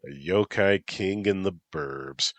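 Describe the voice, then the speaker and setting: A wry human bodyguard who cracks quiet jokes, his voice deep and close to the teller's own, as a man puts him on. The sound is dry and near, with no room around it. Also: slow pace, no room sound. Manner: wry, joking.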